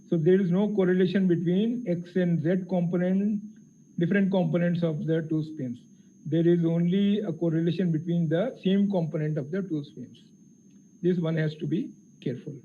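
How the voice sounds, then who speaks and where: A man giving a technical physics lecture, explaining carefully with frequent pauses and fillers. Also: high-pitched. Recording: tinny phone-like lecture audio with faint hiss.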